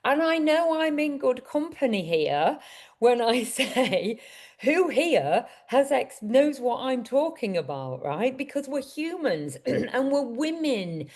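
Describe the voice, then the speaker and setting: A woman's voice: sits high, very animated, slow pace, darkish tone. A woman coach giving a motivational summit talk. She speaks earnestly and keeps turning to the audience with questions.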